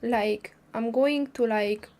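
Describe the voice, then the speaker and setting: A woman's voice: on the high side, slow pace, a little mellow. A woman hosting a casual livestream, talking hesitantly with many fillers and restarts while recovering from a cold. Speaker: livestream host. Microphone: streaming microphone.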